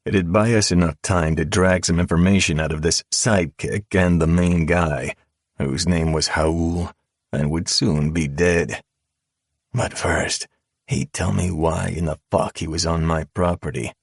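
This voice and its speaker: A man narrating a dark audiobook in the first person with a calm, measured drawl. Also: low voice, no room sound, clean studio sound. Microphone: close studio mic.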